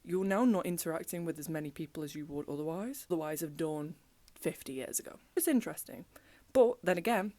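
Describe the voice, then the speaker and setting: A woman's voice: low voice, fairly quick, dark tone, no room sound. A young woman, chatting casually in a vlog from her apartment and telling stories with lots of "like" fillers. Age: young adult. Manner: chatty storytelling, frequent "like" fillers. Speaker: student vlogger. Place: apartment living room.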